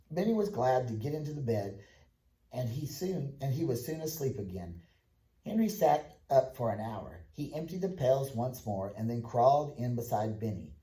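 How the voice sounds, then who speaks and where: A man reading a children's chapter book aloud in plain, even storytelling with a few small slips, in an echoey room. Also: mid-range voice, moderate pace. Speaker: audiobook reader.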